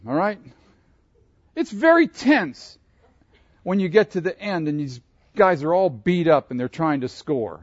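Man, sermon, animated, questions to the listeners, bit high voice, dull recording. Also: no room sound. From Pittsburgh. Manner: animated, asks the audience questions. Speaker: pastor.

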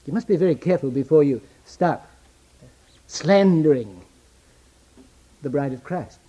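A man preaching a sermon, swinging between loud declamation and hushed near-whisper, quoting scripture in old-fashioned wording. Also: a little high, animated, measured pace, breathy edge.

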